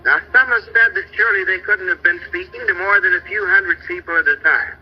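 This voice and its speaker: Folksy middle-aged man lecturer, high-pitched, on lo-fi archival tape with faint music behind. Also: brisk, slightly rough. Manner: folksy, pointing out pictures, hunting for names. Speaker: travel lecturer narrating slides. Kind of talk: old slide-show travel lecture.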